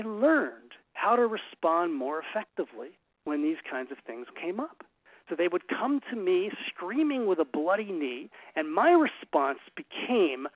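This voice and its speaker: A man's voice: high voice, big pitch swings, unhurried, dry recording. A middle-aged man giving an earnest, emphatic talk to a group and telling stories along the way. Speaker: relationship speaker. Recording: tinny phone-like radio sound.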